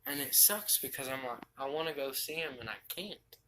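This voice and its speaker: A young man telling a personal story from his bed, halting and restarting often as he talks. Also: medium pitch, sharp tone, a little hiss or hum, poor audio. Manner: halting, with frequent restarts and fillers. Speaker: vlogger. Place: bedroom, sitting on his bed.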